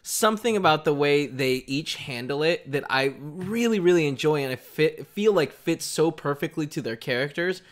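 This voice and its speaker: A man co-hosting a podcast who talks through a film scene in a thoughtful, halting way in casual chat. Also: a little high, expressive. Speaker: podcast co-host.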